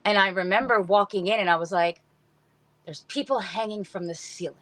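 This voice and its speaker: A woman's voice: mid-range voice, brisk, fairly bright tone, dry recording. A middle-aged woman recounting stories on a podcast, full of "like" and little acted-out quotes. Her voice sits in a middle register, recorded close and dry with no room sound. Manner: chatty, lots of "like", acts out quotes. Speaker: podcast guest, book influencer. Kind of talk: casual storytelling chat.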